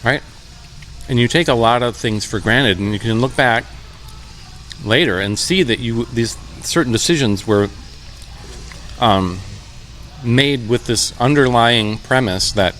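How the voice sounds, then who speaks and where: A man in his fifties, a musician guest, talking in a relaxed, reflective way with many pauses and fillers, in a brewpub. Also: medium pitch. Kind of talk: relaxed conversational interview. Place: brewpub restaurant.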